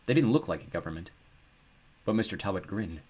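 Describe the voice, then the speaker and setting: Man reading an audiobook, lowish voice, calm and steady. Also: a little fast. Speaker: audiobook narrator. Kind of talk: scripted narration.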